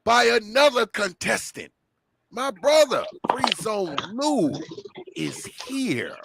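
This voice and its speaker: A man's voice: high voice, very animated, takes it slowly, creaky, very noisy. A man hosting a casual online panel game, joking, laughing and often repeating himself. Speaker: game show host.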